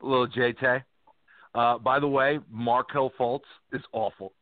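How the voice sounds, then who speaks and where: A man's voice: medium pitch, fairly even intonation, a little slow, dry recording. A man hosting a casual sports podcast, telling joking stories with some swearing. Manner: loose, joking storyteller who swears. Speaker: podcast host. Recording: phone-like dry line.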